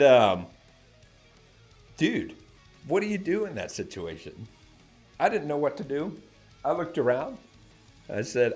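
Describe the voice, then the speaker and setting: A man hosting a music reaction channel, telling an excited story to camera, laughing often and breaking into shouts. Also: fairly high pitch, measured pace, pauses often.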